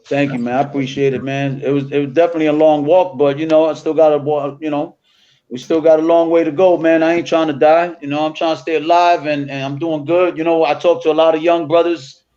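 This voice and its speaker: Middle-aged New guy, fairly high voice, candid and slangy, dull lo-fi sound. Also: flat delivery, quick pace, warm tone. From the Bronx, New York City. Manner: laid-back street slang, many restarts and "you know". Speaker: interview guest. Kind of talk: candid conversational storytelling. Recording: dull lo-fi audio.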